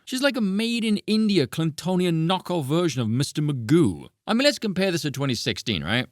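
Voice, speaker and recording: A man's voice: on the high side, very animated, fairly quick, dry recording, clean studio sound. A man ranting sarcastically as a political reaction commentator, mocking and exasperated.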